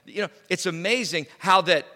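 High, bright-voiced preacher in a hall. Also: male voice, normal speed. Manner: emphatic, voice swinging from loud to hushed. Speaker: pastor. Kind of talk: sermon. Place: church.

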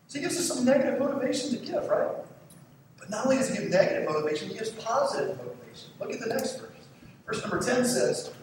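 A male pastor preaching a sermon in a church, lively and conversational, quizzing the congregation as he goes. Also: sits high, fast talker. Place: church sanctuary. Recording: echoey hall from far off, faint noise.

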